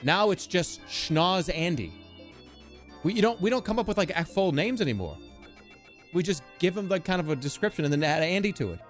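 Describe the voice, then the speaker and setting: A man in his thirties chatting casually with his live chat, animated and jokey, swinging between loud outbursts and low mutters. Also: fairly quick, faint music behind. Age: 30s. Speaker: livestreamer.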